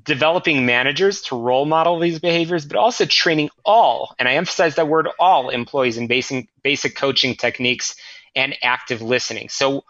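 Male host, bright tense voice, halting with fillers, dry dull audio. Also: mid-range voice, dry recording. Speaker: radio show host. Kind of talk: interviewing a guest.

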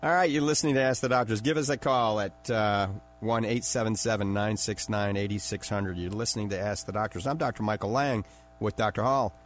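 A man's voice: on the low side, brisk. A middle-aged man with a New Orleans accent hosting a radio call-in health show, plugging products in a chatty salesman's patter and repeating phone numbers. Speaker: radio show host and eye doctor.

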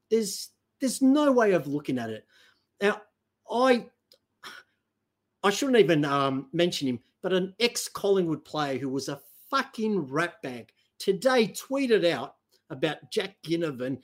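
An Australian man hosting a heated political chat, blunt and profane, with sharp leaps up in pitch when he gets emphatic. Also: husky. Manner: blunt, profane, ranting with sudden high emphatic jumps.

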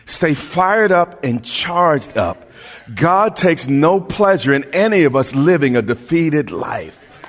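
Pastor guy preaching slow and fired up, bit high pitched, big echoey church sound. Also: sing-song. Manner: impassioned preaching with stammered restarts, rising to shouts. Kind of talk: sermon. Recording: long hall reverb.

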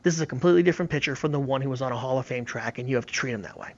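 Racing along in a medium-pitched voice, a male baseball analyst offers casual sports talk that's emphatic and full of opinions. The audio is slightly dull and lo-fi.

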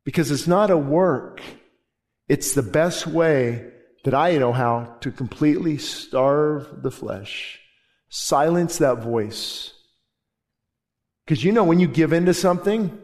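A man's voice: fairly high pitch, measured pace, darkish tone. A man preaching a sermon as pastor in a church, fervent and emphatic, hammering home repeated phrases. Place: church sanctuary. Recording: long reverb of a large hall.

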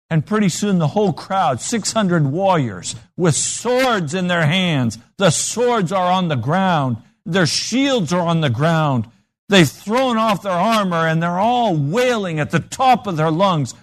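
A man preaching a sermon, telling stories and acting out the voices in them. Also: a little high. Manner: animated storytelling with acted-out voices.

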